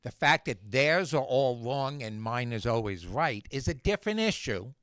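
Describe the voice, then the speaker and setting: A man's voice: medium pitch, sing-song, moderate pace, fairly bright tone, clean tone, dry recording, clean studio sound. A middle-aged man hosting a casual chat, ranting sarcastically and mimicking how others talk. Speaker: podcast host.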